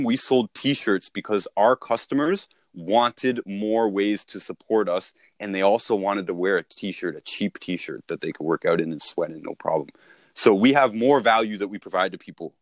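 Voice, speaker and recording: A man's voice: on the low side, no room sound, studio quality. A man talking casually as a sales coach, repeating and restarting himself as he explains.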